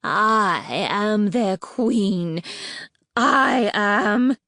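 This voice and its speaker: A woman voicing a huge, furious dragon queen in an audiobook, with a slow, spitting, hissing delivery. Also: lowish voice, vocal fry, dry recording, studio quality, heavily acted. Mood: defiant. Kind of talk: audiobook character voice.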